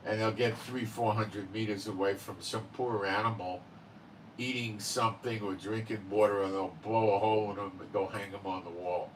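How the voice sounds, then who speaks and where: A man's voice: fairly low pitch, fairly even intonation, normal speed, recorded from a distance, slight background noise, rough recording. A man hosting his own channel, talking in a rambling casual monologue full of fillers and "okay?" tag questions. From Israel. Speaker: channel host.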